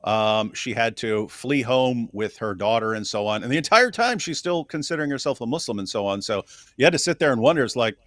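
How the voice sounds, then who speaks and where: Animated man co-hosting a talk show. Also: medium pitch, brisk, no echo, clean studio sound. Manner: animated, laughs while talking, frequent restarts. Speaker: co-host. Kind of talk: casual political discussion.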